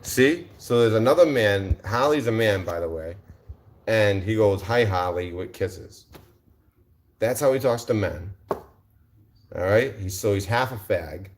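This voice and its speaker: A man's voice: on the low side, animated, measured pace, long pauses. A male livestream host answering his chat in a combative, mocking rant, repeating his insults.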